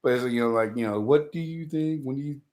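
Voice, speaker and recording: Laughing storyteller man, mid-pitched voice. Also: brisk, a little mellow. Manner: laughs through his stories, acts out the people in them. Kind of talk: casual storytelling.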